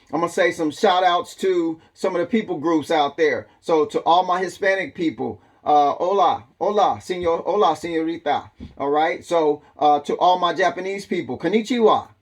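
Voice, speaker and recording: A man hosting a survival channel. He talks in a loose, casual monologue with a drawl and lots of ums. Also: high-pitched.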